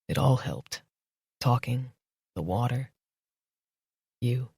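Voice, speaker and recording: A woman narrator voicing a grounded, gruff blue-collar man in an audiobook, with a low-key, steady, reassuring manner. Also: slow, no room sound, clean studio sound, full character voice. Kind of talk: audiobook dialogue.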